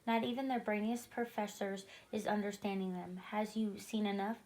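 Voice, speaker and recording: A woman reading the lines of a big friendly male giant who speaks gently with mangled grammar in a storybook read-aloud. She keeps close to her own voice for him. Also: medium pitch, steady tone, normal speed, lightly acted, low-quality recording. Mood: gentle. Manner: mangled grammar, soft-spoken.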